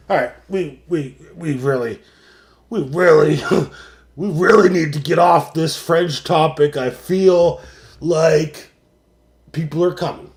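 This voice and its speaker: A young man hosting a late-night sports livestream, ranting, swearing constantly and working himself up into shouting. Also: on the high side, slow. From Canada. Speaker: sports show host. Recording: roomy echo.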